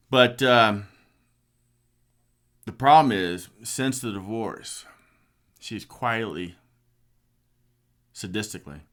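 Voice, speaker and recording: Deep-voiced earnest middle-aged man. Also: a bit bright. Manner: earnest and passionate. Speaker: speaker sharing a personal story. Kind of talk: personal testimony talk.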